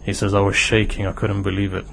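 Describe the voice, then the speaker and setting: A man's voice: fairly low pitch, monotone, fast talker, creaky, fairly bright tone, slight background noise. A man with a British accent preaching a sermon in a mosque hall, telling stories and rising to impassioned exhortation.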